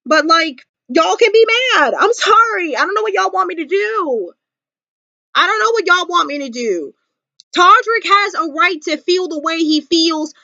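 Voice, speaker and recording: A woman talking straight to camera in a casual commentary vlog, emphatic and animated, repeating her points. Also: extremely high pitch, no room sound, muffled recording. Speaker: vlogger.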